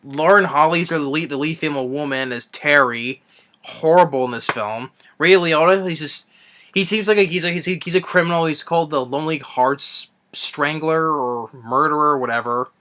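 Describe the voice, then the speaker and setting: A man's voice: fairly high pitch, normal speed, pushed and bright. A young man reviewing a film in an unscripted rant, rambling with many restarts and fillers. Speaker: movie reviewer.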